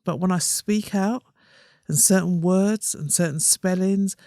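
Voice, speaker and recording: A woman guest on a podcast, a comedian and playwright, telling animated stories and acting out what people said. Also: fairly low pitch, measured pace, no room sound, clean studio sound. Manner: animated storyteller acting out voices. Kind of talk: casual podcast conversation.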